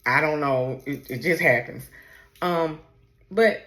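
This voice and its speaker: Slow, low-voiced woman, tearful and halting. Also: a bit bright. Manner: halting, emotional, fighting back tears. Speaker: podcast host. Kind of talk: personal podcast talk on camera. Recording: roomy echo.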